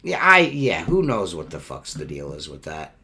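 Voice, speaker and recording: A man's voice: low voice, wildly swooping pitch, normal speed, sharp tone. A man hosting a casual podcast chat over a video call, rambling and swearing with plenty of fillers. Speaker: podcast host.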